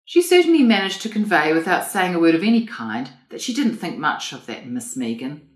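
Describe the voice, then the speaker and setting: A woman narrating an audiobook in a composed, even storytelling manner. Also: lowish voice, brisk. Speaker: reader. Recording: roomy echo.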